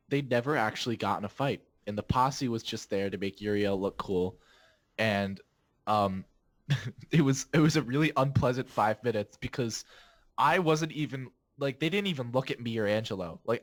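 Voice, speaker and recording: A man's voice: mid-range voice, moderate pace. A man in his twenties, a podcast host, telling a rambling story in casual chat, laughing often and restarting his sentences.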